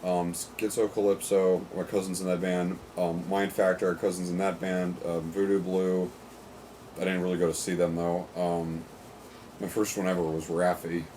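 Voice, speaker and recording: A man's voice: low-pitched, little pitch movement, moderate pace, darkish tone, slight background noise. A young man co-hosting a casual chat, laid-back and hesitant, with many ums. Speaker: co-host answering viewer questions.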